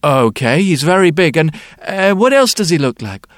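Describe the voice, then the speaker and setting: A man doing a gentle, fumbling old-world sculptor. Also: fairly high pitch, sing-song, dry recording, clean studio sound. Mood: puzzled. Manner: gentle, halting with ums and restarts. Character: kindly, hesitant middle-aged male sculptor. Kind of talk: storytelling.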